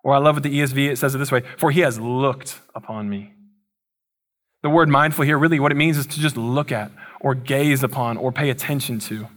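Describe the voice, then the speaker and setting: A man's voice: mid-range voice, fairly quick, fairly bright tone. A young man preaching a sermon in a casual, conversational way, with playful asides. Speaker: pastor.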